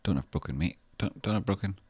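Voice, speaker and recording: A Scottish man with a deep, low voice talks loosely through a livestream, reading out chat and heaping on thanks. He swears freely and rambles in a relaxed way. The sound is close and dry, with no room around it. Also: fast, breathy edge, no echo, muffled recording. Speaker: stock trading livestreamer. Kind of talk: casual livestream chat, reading viewer messages.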